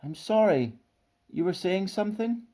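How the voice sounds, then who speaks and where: A man voicing a huge but gentle mother monster who speaks politely and mildly. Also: high-pitched, lively intonation, measured pace, voice pushed up. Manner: polite and mild.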